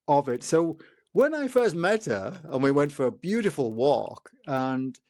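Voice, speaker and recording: A man in his fifties, a guest telling personal stories in a relaxed conversation and acting out the dialogue. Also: a little slow, dry recording, studio quality. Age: 50s. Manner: animated storyteller, acts out dialogue with lively pitch jumps. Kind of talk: casual storytelling in a conversation.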